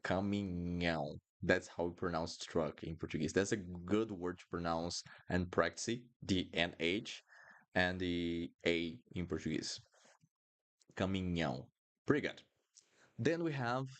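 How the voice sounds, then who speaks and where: Slow, deep-voiced man teaching. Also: fairly bright tone. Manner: slow, repeats words many times for students to copy. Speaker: Portuguese teacher. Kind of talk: live online language lesson.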